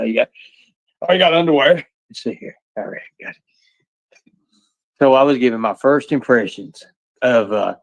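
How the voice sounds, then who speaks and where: A man's voice: medium pitch, dry recording. A middle-aged man giving casual reaction commentary, rambling, laughing often and swearing. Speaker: streamer reacting to a video. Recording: dull, dry sound.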